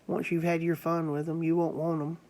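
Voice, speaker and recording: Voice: mid-range voice, level tone, fairly quick, darkish tone, close to an everyday voice. A preacher voicing a patient, kind preacher in a parable who keeps asking questions. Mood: questioning.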